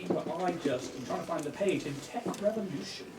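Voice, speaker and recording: A man's voice: fairly high pitch, lively intonation, fairly quick, echoey room, far from the mic, very noisy. A man narrating a tabletop game as game master, chatty and jokey.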